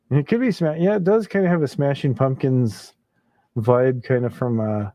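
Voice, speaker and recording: A man's voice: mid-range voice, slow, warm tone, no echo. A man hosting a casual late-night livestream, chuckling often and reading viewer comments aloud. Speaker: livestream host.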